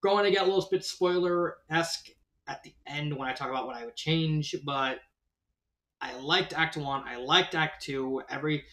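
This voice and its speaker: A man's voice: a little high, normal speed, sharp tone, echoey room. A man giving a casual spoken review of a fan story, rambling and often correcting himself mid-sentence. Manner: rambling, self-correcting, lots of "like".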